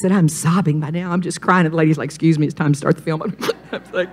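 Lady telling her testimony on a talk show, lively storyteller, goes quiet and whispery to make a point. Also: low voice, fast. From Mississippi, USA. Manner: animated storyteller, drops to whispers for emphasis. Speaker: pastor's wife, guest testifying.

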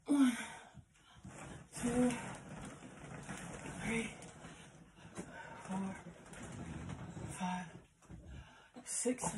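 A woman's voice: a little high, darkish tone, slight background noise, poor audio. A woman doing a casual workout vlog at home, counting squats aloud and cheering her viewers on while out of breath. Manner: encouraging, chatty, counts reps aloud. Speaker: fitness vlogger.

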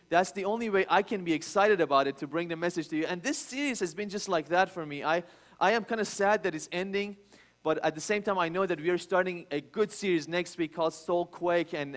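A high-pitched man in his thirties preaches to his congregation. He tells a family story with frequent restarts, then climbs into loud, emphatic bursts on his main points. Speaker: pastor. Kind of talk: sermon.

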